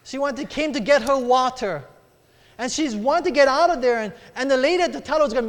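A little fast and very high-voiced, a middle-aged man delivers a sermon built around a personal story. He acts out the voices in it and asks the congregation for amens. The sound carries a long hall reverb.

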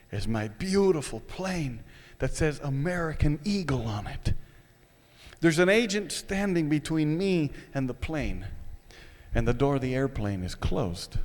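A man telling a personal story to an audience, retelling it in an animated, dramatic way. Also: fairly high pitch. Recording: echoey hall.

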